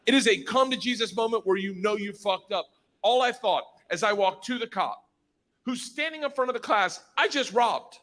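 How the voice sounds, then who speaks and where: A male stand-up comedian who tells his story loudly and with animation, sometimes bursting into shouts. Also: high-pitched, a little fast, slight background noise.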